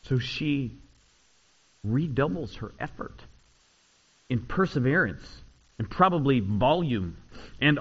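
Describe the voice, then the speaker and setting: A man preaching a sermon, swinging between loud, rising retellings and quiet, low asides. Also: lo-fi sound. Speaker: pastor.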